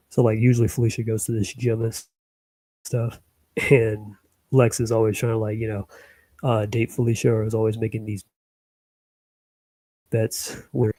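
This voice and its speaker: A man talks in a loose, rambling way, stringing his thoughts together with plenty of fillers and soft chuckles. His voice sits in a mellow, fairly monotone middle register. The sound is dry and close, with no room around it. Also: lowish voice, no room sound, low-quality recording. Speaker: hobby animator. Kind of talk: casual rambling commentary.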